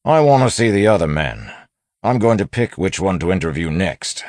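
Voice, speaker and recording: A man doing a soft, threatening undercover lawman. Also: sing-song, moderate pace, no room sound. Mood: pressing. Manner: low, threatening and soft-spoken. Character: sly male lawman posing as a gang thug.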